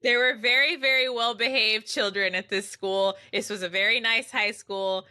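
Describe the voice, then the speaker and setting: Loud, passionate, bright-voiced woman. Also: fairly high pitch, steady tone, moderate pace, clear, resonant tone. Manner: loud, passionate, swears freely. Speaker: podcast co-host. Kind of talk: casual chat.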